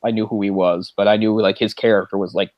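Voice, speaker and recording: A man co-hosting a podcast, rambling through a casual movie chat, getting animated and laughing as he retells scenes. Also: fairly low pitch, fast, no echo, highs cut off. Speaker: podcast co-host.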